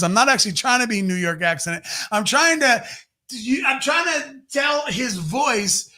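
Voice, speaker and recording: A man co-hosting a podcast, telling a long story in a rambling, animated way with plenty of swearing. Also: high-pitched, slow, long pauses. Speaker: podcast co-host. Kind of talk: casual storytelling chat.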